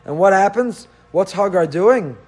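Male rabbi type, higher-pitched, lively lecturing delivery. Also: measured pace. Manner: animated, rhetorical questions, mixes Hebrew and Yiddish terms. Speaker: rabbi teaching the weekly Torah portion. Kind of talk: Torah class lecture.

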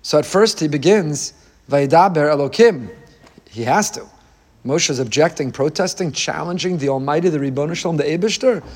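Rabbi, male, high-pitched, preaching with passion and repeated phrases. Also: fairly quick, darkish tone, husky. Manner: impassioned, repetitive rhetorical cadence. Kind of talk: Torah sermon on the weekly portion.

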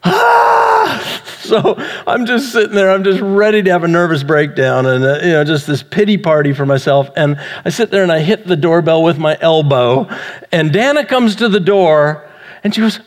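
A high-voiced man preaches a sermon, an animated storyteller who acts out sound effects and pokes fun at himself. His voice carries a long reverb, as if he were in a large church sanctuary. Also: normal speed. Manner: self-mocking humor. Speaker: pastor.

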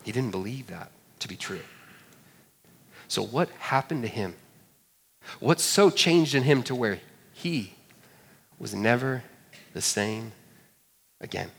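Pastor guy telling a story in a sermon, pitch jumps all over, big echoey hall. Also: slow pace, gravelly, long pauses, slightly rough. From Georgia, USA. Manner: storytelling, animated, jokey asides to the audience. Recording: long hall reverb.

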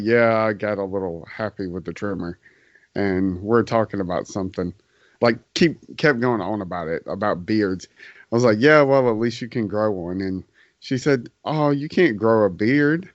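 A man co-hosting a podcast in easy chat, telling stories with laid-back, dark humor. His voice is low and sounds close and dry. The audio has a dull, lo-fi tone. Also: no echo. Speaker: podcast co-host. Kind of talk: casual chat.

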